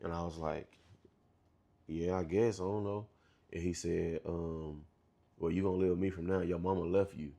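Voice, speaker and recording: Gravelly deep-voiced man telling his story. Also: steady tone, warm tone. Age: 30s. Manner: halting, restarts often, slangy and profane. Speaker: interview guest. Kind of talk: candid storytelling interview.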